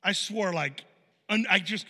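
A man preaching a conversational sermon as a pastor in a church, animated, with many casual fillers and acted-out quotes. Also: sits high, a little slow, long reverb tail. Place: church sanctuary.

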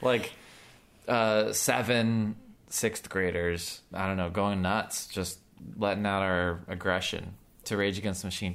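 A man's voice: low voice, fairly even intonation, measured pace, creaky, a bit bright. A young man co-hosting a casual chat, joking around and slipping into silly voices. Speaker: podcast co-host.

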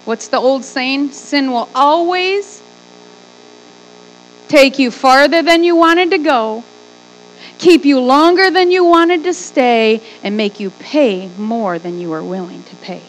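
A woman pastor preaching a sermon in a lively way, with joking asides. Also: high voice, slow, low-quality recording.

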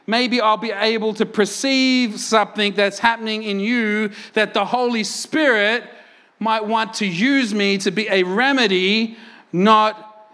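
A man with a high voice preaches to his congregation in a lively, animated way. He fires off rhetorical questions and laughs often between his points. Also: unhurried. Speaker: pastor. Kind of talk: sermon. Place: church.

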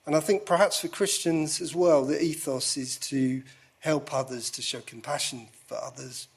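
A man in an open conversation, self-deprecating and given to jokes. His voice sits a little high and sounds husky. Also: fairly even intonation, normal speed. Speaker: guest. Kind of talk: candid conversation.

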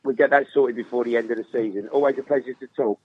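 Phone-in guest, man, flat hesitant talk, tinny dry line. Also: mid-range voice, fast talker, breathy edge. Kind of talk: casual interview chat.

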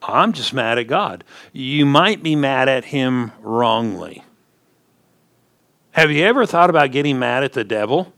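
A man's voice: medium pitch, expressive, measured pace, vocal fry, a bit bright. Folksy man preaching a sermon. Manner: folksy storytelling preacher, rising emphatic punches. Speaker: pastor.

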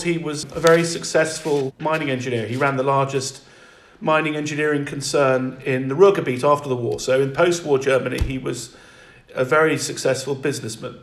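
A man speaking as an interview guest in reflective conversation, halting and restarting often. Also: mid-range voice, roomy sound.

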